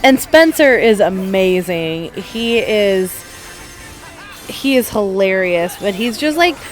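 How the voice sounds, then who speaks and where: A woman's voice: mid-range voice, animated, takes it slowly, faint music behind. A woman co-hosting a gaming podcast, chatting casually during a playthrough and retelling stories with acted-out quotes. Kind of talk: casual chat over a game playthrough.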